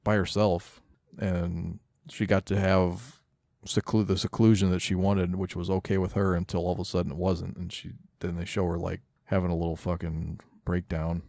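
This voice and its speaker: A man's voice: low voice, level tone, moderate pace, gravelly, a little mellow, no room sound, clean studio sound. A man co-hosting a podcast, talking casually about comics in a blunt, cynical, profane way. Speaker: podcast co-host. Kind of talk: casual comic-book review chat.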